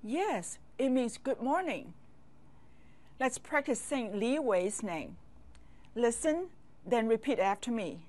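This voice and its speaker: A woman teaching a language lesson, speaking slowly and patiently and pausing for learners to repeat after her. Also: fairly high pitch, big pitch swings, a little mellow. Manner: slow, patient drills with pauses for repeating.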